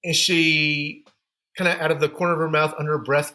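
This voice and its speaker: A man's voice: fairly high pitch, flat delivery, brisk, bright, forceful tone. A man guest on a podcast interview, telling candid, self-deprecating stories about building his running store business.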